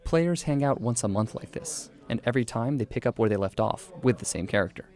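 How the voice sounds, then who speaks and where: A man narrating a scripted radio news feature as a reporter, in a measured, even delivery. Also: medium pitch.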